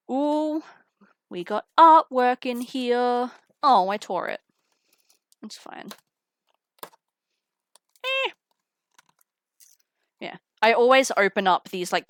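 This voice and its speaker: A young woman chats casually with her stream while opening trading cards, giggling and saying hello to viewers via a headset mic. The studio-quality recording has no echo, and her voice sits on the high side with a fairly bright tone.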